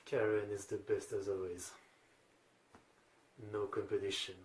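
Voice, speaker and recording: Sleepy man with a low voice. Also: measured pace. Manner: relaxed, offhand, swears casually. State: sleepy, yawning. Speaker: anime reaction host. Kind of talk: casual commentary. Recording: echoey room, faint background hiss.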